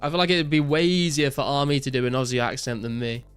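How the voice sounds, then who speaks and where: A young man streaming a game, reading chat aloud and answering viewers in a relaxed way, full of "like" and "um". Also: mid-range voice, fast talker, smooth, faint music behind. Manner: relaxed, reads out chat messages and answers viewers with many fillers. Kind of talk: casual live-stream chat while gaming.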